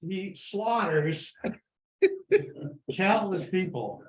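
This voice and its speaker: A man's voice: high voice, sing-song, very slow, echoey room, rough recording. A man in a church class discussion, talking with stammering restarts. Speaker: class member.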